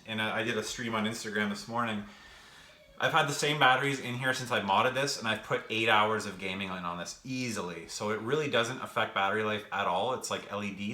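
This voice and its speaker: A man's voice: fairly low pitch, bright, forceful tone. Breathless, chatty young man. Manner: chatty, rambling, with fillers, says he is out of breath. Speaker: gaming vlogger answering live chat. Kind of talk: casual livestream chat. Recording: echoey room, faint background noise.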